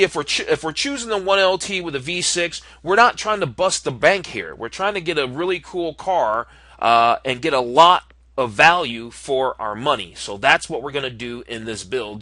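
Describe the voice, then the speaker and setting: Give me a talkative man thinking aloud, bright tone, dry recording. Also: mid-range voice, no room sound. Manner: chatty, thinking aloud with many ums and uhs. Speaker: car reviewer building a car online. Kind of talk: casual screen-recorded commentary.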